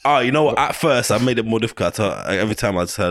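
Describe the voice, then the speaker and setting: A young man in his twenties with a London accent, co-hosting a casual podcast chat and telling animated, slangy stories. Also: lowish voice, rapid-fire. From England. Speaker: podcast co-host.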